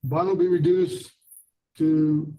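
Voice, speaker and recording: A man's voice: on the high side, level tone, slow, highs cut off. A man presiding as judge at a courtroom hearing, giving firm, instructive warnings. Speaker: magistrate judge.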